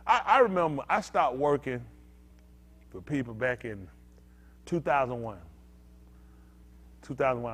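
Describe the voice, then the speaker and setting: Pastor guy preaching loose and animated, high voice all over the place, aave. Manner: animated, conversational, swings from loud to quiet. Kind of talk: informal preaching to a congregation.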